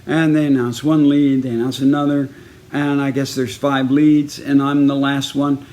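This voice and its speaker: A man from Texas telling a story in a casual personal video message, in a lively way, acting out each person he quotes. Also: medium pitch, normal speed. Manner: lively, acts out each person in the story with raised, punchy delivery.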